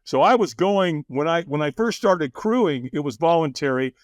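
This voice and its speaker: An animated man telling stories as a podcast guest, his voice sitting fairly high and swinging widely in pitch. He laughs often and acts out what others said. The sound is close and dry, with no room around it. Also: normal speed, no room sound. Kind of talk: casual interview storytelling.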